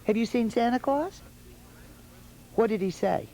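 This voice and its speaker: A woman's voice: a little high, animated, measured pace, pauses often, dark tone, poor audio. A woman hosting a holiday television show in a studio, coaxing small children with sing-song questions. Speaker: television host.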